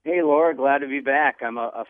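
A man with a Southern US accent, a chef guest on a radio show, talking in a halting way with many fillers, heard over a phone. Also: medium pitch, no room sound. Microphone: telephone. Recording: tinny phone line.

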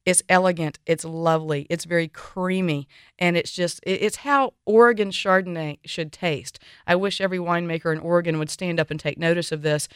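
A woman hosts a radio wine show in a chatty, opinionated way. Her voice is smooth and clear. The sound is dry and close. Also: on the low side, fairly even intonation, fairly quick, no room sound. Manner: chatty, opinionated, enthusiastic recommending.

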